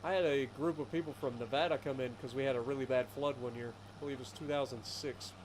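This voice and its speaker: Appalachian man, casual streamer, clear deliberate talk, faint hiss behind. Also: mid-range voice, steady tone. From Appalachian foothills of Ohio. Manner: chatty storyteller, careful enunciation. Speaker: streamer playing a farming game. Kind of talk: casual live-stream chat.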